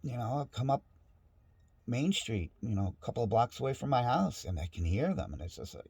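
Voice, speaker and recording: A man's voice: mid-range voice, very animated, fairly quick, creaky, darkish tone, husky, dry recording. A middle-aged man in a casual, rambling monologue at home, frustrated and restarting often. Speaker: vlogger. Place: home with dogs nearby.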